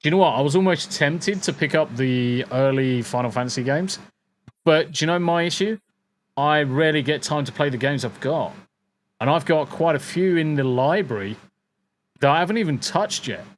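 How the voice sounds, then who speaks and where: A man's voice: fairly high pitch, expressive, normal speed. Swearing, rambling man hosting a podcast. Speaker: podcast host. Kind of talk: casual chat. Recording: air conditioner crackle behind the voice.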